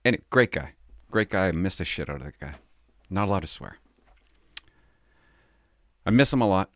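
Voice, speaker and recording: A man's voice: low-pitched, lively intonation, normal speed, dry recording. A middle-aged man from Canada, a former police officer, talking casually and confidingly on his podcast, rambling and laughing as he tells stories.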